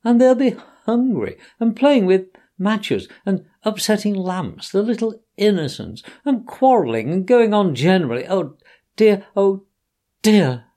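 A man puts on a conceited toad passing himself off as a weepy washerwoman. The voice climbs high and wails, the pitch swooping all over as he sobs out his troubles in a storybook reading. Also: sing-song, unhurried, dark tone. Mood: wailing. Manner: high wailing sobbing falsetto. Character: boastful male toad disguised as a weepy washerwoman.

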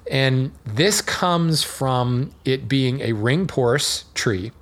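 Male podcast host, mid-range voice, relaxed explainer who rambles and chuckles. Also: mid-range voice, slow. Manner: chatty and digressive, with fillers and small laughs. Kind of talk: casual educational monologue.

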